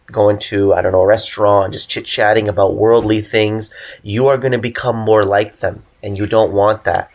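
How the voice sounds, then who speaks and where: A young man delivering an earnest preaching monologue, exhorting listeners and stressing lists of single words. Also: lowish voice. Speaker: religious channel host.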